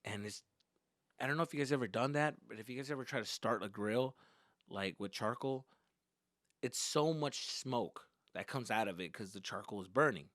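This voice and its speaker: A man, a comedian, telling a childhood story in an animated, profane way, slipping into Spanish. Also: mid-range voice, normal speed, no echo, studio quality. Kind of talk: stand-up style storytelling.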